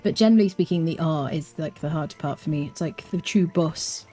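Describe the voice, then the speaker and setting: An English woman streaming a game, chatting casually and playfully with her viewers and often dropping into quiet asides. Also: deep voice, fairly quick, faint music behind. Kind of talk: casual live-stream chat while gaming.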